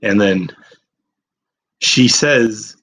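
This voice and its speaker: A man's voice: lowish voice, very slow, a bit bright, husky, low-quality recording. A young man telling a personal story in a rambling, self-deprecating way, swearing freely. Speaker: vlogger. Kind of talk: casual storytelling.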